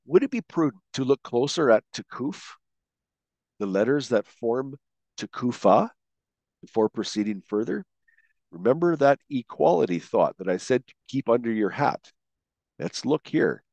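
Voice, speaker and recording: A man teaching a Bible word study, slowly asking questions and stressing key words as he goes. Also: medium pitch, animated, creaky, a little mellow, no room sound, lo-fi sound. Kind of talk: scripted teaching narration.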